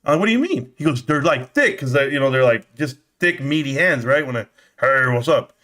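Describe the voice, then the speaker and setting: A man's voice: medium pitch, moderate pace, sharp tone. A middle-aged man hosting a casual live stream, brash and joking as he trash-talks, out of breath.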